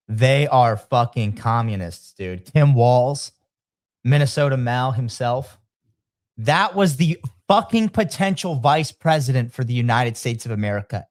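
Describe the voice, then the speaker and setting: A man's voice: fairly high pitch, no room sound. Guy cohosting a podcast, cussing nonstop, blunt rant, dry close sound. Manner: profane, blunt, ranting. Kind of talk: heated casual chat.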